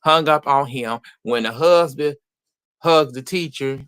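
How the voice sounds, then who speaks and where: A man's voice: medium pitch, unhurried, clear, resonant tone, no room sound, clean studio sound. Laughing, gossipy man recapping. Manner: animated gossipy storytelling, laughing often. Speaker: reality show recapper. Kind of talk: casual show recap.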